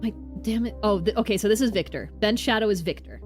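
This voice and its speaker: A woman streamer chatting excitedly to herself as she plays a video game and reads out its dialogue. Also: medium pitch, fast. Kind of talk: casual game commentary with read-out dialogue. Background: game music.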